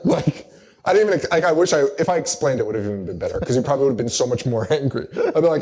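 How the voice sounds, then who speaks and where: A man's voice: mid-range voice, lively intonation, fast talker, a little mellow. A young man hosting a live horror podcast, recapping a movie in rambling, casual banter with lots of laughter and acted-out quotes. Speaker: podcast host. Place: live show in a bar or venue.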